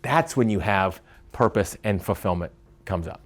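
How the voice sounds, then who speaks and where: A man giving a live leadership workshop, animated, asking the audience questions and stumbling over quick restarts. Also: low voice. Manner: animated, asks the crowd questions, stammers on restarts. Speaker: leadership speaker.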